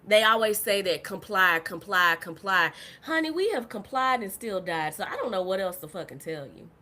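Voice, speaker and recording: A woman's voice: medium pitch, sing-song, moderate pace. Impassioned woman ranting on a live stream. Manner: impassioned, profane, swings from soft to shouting. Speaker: podcast host.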